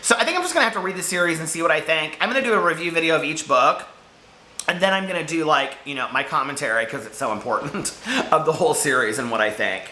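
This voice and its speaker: A man's voice: a little high, animated, quick pace, sharp tone, echoey room. A man chatting casually about books he read this week, rambling and giggling, overheated in a hot room. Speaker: book vlogger. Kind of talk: casual chat.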